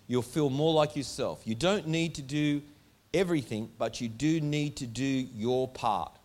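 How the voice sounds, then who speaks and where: A man's voice: mid-range voice, a little slow, darkish tone. Emphatic male preacher asking rhetorical questions. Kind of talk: sermon. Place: church hall before a congregation.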